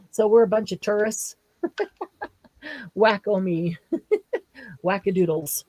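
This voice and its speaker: Woman, craft livestream host: relaxed, unhurried delivery, giggly, chatty with viewers. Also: mid-range voice, no echo, poor audio. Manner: giggly, laughs often while talking. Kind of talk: casual livestream chat, reading viewer comments aloud.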